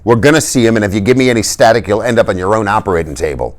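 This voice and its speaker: A man's voice: fairly low pitch, lively intonation, a little fast, voice pushed up, lightly acted. A man voicing a reckless, tough teenage greaser boy who talks in urgent, commanding street slang. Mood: threatening.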